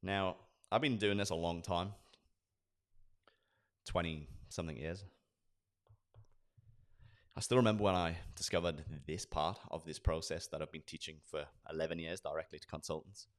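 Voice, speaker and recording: A man in his forties, a sales trainer, giving an energetic lesson and acting out sales dialogues. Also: low-pitched, moderate pace, long pauses. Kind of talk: instructional talk with acted role-play.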